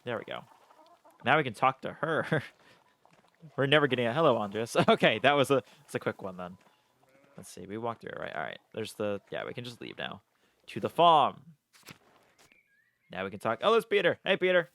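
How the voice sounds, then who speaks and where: A young man chatting through a live game stream, loose and excitable, swearing freely and laughing between lines. He reads game text and viewer messages aloud in an everyday mid-range voice. The desk mic sounds close and dry. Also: mid-range voice, fairly quick, creaky, dry recording. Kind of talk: casual live-stream commentary.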